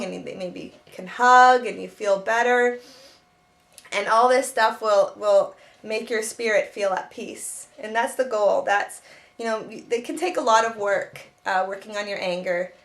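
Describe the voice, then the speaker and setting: A woman's voice: on the high side, normal speed, gravelly, a bit bright. A woman who teaches self-help and writes children's books, giving spoken advice in an earnest way with many restarts.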